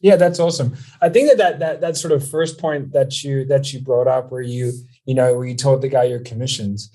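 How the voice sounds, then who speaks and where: A man hosting a podcast, talking quickly and energetically and acting out quoted sales exchanges. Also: medium pitch, fairly even intonation, warm tone. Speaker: podcast host. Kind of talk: casual podcast interview.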